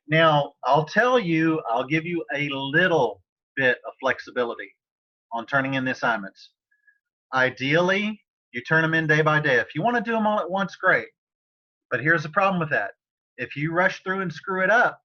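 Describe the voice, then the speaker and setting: Man, Spanish teacher, casual, rambling, chatty, slightly dull video-call audio. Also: fairly high pitch. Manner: relaxed, chatty, many fillers and restarts. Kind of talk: casual online tutoring session. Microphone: computer mic on a video call.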